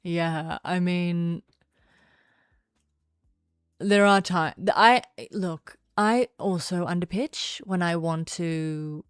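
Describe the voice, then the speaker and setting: A young adult woman streaming casual chat, playful and sing-songy, sometimes dropping into a lower, serious tone. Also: takes it slowly, long pauses, clear, resonant tone, dry recording, studio quality. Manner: sing-songy, chatty, shifts between playful and low serious tone.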